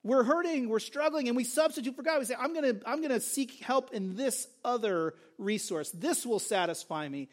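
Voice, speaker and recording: A man's voice: very high voice, animated, moderate pace, few pauses. A male pastor preaching a sermon, earnest and emphatic, repeating key phrases for stress.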